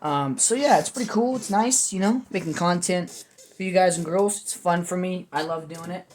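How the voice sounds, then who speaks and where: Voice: medium pitch, moderate pace, a little mellow, a little hiss or hum. Rambling, jokey young vlog host. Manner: rambling, jokey, self-mocking. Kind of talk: casual food vlog commentary.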